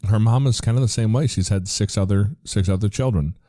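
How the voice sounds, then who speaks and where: American podcast host, forties, low dark voice, dry close sound, earnest and rambling. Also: male voice, brisk, dry recording. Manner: earnest, rambling, with frequent restarts. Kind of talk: casual conversational interview.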